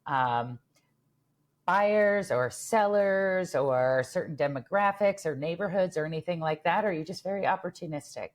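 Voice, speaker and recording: A woman's voice: on the low side, moderate pace. A woman hosting a podcast interview, encouraging her guest and asking follow-up questions. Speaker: podcast host.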